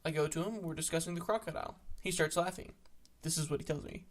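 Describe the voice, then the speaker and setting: Brief: deadpan storyteller, mid-pitched voice, reads dark internet stories with a straight face and plenty of swearing. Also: fast talker. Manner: deadpan, matter-of-fact, casual swearing. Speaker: narrator of internet greentext stories. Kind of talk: reading internet stories aloud.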